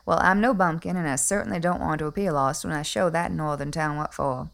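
Comic monologue: a woman playing a haughty Atlanta society mother, genteel drawl, deep voice with gravelly fry. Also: fairly even intonation, fairly quick. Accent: Southern US, Atlanta. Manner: prim, genteel and condescending. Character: snobbish wealthy Southern belle mother, middle-aged, haughty.

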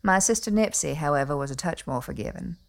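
Comic monologue: a woman playing a haughty Atlanta society mother, genteel drawl, deep voice with gravelly fry. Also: animated, fast. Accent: Southern US, Atlanta. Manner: prim, genteel and condescending. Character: snobbish wealthy Southern belle mother, middle-aged, haughty.

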